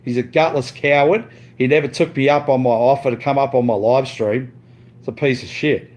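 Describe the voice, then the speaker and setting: A man's voice: mid-range voice, fairly even intonation, a little fast, darkish tone. A man ranting on his live stream, boastful and profane, repeating himself and saying "mate" a lot, with frequent stumbling restarts.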